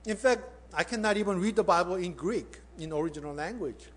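A man's voice: high-pitched, a little fast. A male preacher voicing a humble elderly man who earnestly puts a simple, pointed question to a learned professor.

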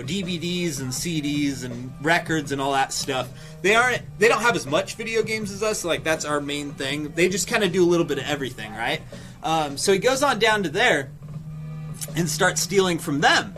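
A young man streamer telling a story casually, swearing and acting out quotes. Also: fairly high pitch. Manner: animated, swearing, acts out quotes with laughs.

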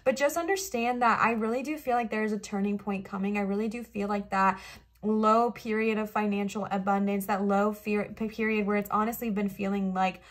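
A woman's voice: medium pitch, fairly even intonation, fairly quick. A woman giving a casual tarot reading, earnest and emotional, reassuring her viewers and often restarting her sentences. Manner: affectionate, reassuring toward viewers. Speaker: tarot reader.

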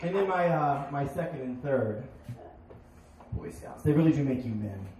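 A young man performing a stand-up comedy set on a bar stage, with deadpan punchlines and sudden shouted bits. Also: mid-range voice, normal speed. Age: young adult. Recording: echoey bar, crowd noise, distant. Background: crowd laughing.

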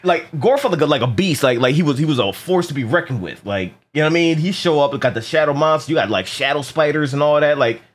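A man with a somewhat high, husky voice talks through a film review in loose, casual chat. His pitch swings widely as he acts out scenes, stumbles over repeated words and curses freely. The talk is unscripted and energetic. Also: fast talker, few pauses. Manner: animated, profane, repeats words, acts out quotes. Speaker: movie reviewer co-host.

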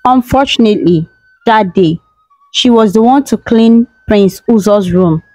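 A woman's voice: mid-range voice, measured pace, a little mellow, dry recording, faint music behind, poor audio. Female folktale narrator, dramatic read, dry close mic. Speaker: storyteller. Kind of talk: scripted storybook narration.

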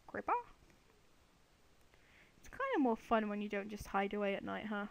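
A woman's voice: medium pitch, moderate pace, gravelly, long pauses. A woman giving casual, chatty commentary while playing a video game, playfully talking to the animals and monsters on screen. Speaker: let's play gamer.

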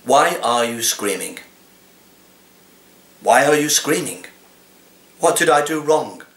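A male actor giving an expressive reading of comic poems in a cat's voice, swinging from low murmurs to plaintive high pleas. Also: slow pace, echoey room.

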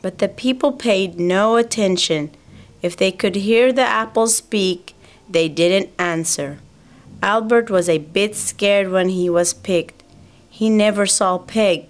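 A woman reading a children's storybook aloud, calm and unhurried. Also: medium pitch. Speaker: reader. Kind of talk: storybook narration.

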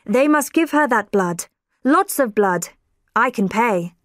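A woman's voice: on the high side, animated, slow, fairly bright tone, no echo, clean studio sound. Woman reading as a lazy old pretend father. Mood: dramatic. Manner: weak and evasive.

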